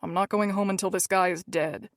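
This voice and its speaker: A woman's voice: medium pitch, steady tone, fairly quick, no room sound, clean studio sound, close to an everyday voice. A woman voicing a wounded, vengeful mafia man with an angry, hard-edged manner. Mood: furious.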